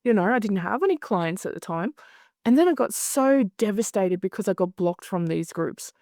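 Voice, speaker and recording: A woman's voice: mid-range voice, animated, moderate pace, mellow, no room sound, clean studio sound. Blunt, swearing woman. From Australia. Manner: blunt, swears freely, acts out other voices. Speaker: hypnosis conference director. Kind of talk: candid interview talk.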